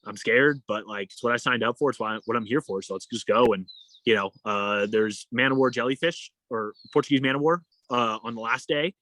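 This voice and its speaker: A young man talks in a relaxed, casual way as a podcast guest, jumping into the voices of the people in his story as he goes. His voice sits at an ordinary pitch. The sound is dry and close to the mic. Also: a little fast, no room sound. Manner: animated, acts out quoted dialogue. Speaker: guest, endurance athlete.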